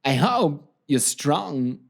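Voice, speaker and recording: A man doing a comic impression of an older film actor, with slow, oddly stressed, halting delivery. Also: fairly high pitch, sing-song, creaky, husky, exaggerated voice. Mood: gushing.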